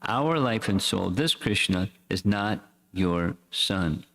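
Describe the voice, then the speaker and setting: A man reading as a calm, gentle young woman. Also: lowish voice, slow, heavily acted. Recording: echoey hall reverb.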